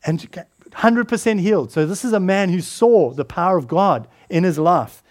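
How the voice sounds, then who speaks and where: High-voiced earnest male preacher. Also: normal speed. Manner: earnest, repeats words and restarts. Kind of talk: sermon.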